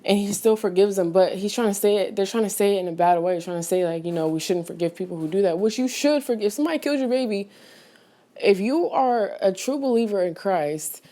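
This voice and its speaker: A woman's voice: medium pitch, brisk, warm tone. Woman rambling through a chatty film review. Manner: chatty and rambling, full of fillers and restarts, with sudden outraged exclamations; paces back and forth while talking. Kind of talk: casual rambling movie review.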